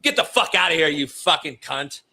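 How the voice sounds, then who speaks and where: A man putting on a profane football coach who berates a rookie quarterback in a shouting tirade. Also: fairly high pitch, lively intonation, normal speed, heavily acted. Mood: berating.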